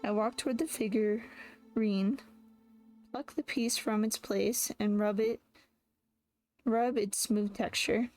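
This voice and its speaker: A woman reads a first-person novel aloud as an audiobook reader, frequently stopping to correct herself and restart. Her medium-pitched voice is steady and a little mellow, with a slow pace and long pauses, and faint music plays behind her.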